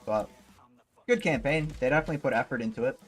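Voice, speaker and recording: A man's voice: mid-range voice, fast, faint music behind. A man livestreaming while gaming, chatting casually and rambling, swearing freely and leaning on fillers.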